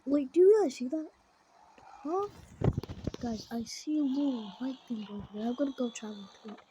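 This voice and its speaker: A woman commentating a farm game in a put-on Kentucky accent, chatty and excitable, dropping into whispers now and then. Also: high voice, moderate pace, slight background noise, low-quality recording. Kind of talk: playing a farm game with role-play commentary.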